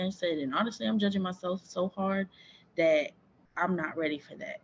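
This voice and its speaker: A woman's voice: on the low side, a little fast, highs cut off, slight background noise. A young woman from Florida, a sports team owner, candidly and emotionally telling her personal story as an interview guest. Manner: earnest, emotional, reflective.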